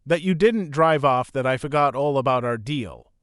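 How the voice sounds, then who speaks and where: A man's voice: medium pitch, normal speed, a bit bright, clean tone, dry recording, studio quality, lightly acted. A man voicing a kindly older man, a joking grandfather who teases easily. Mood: teasing. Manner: joking, easygoing teasing. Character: teasing older man, kind grandfather driver.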